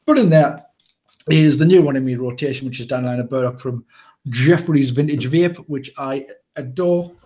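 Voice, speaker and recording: Rambling English bloke hosting a chat show. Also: male voice, mid-range voice, moderate pace, mellow. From England. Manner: rambling, jokey, with many restarts. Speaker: podcast host. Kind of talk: casual live show chat.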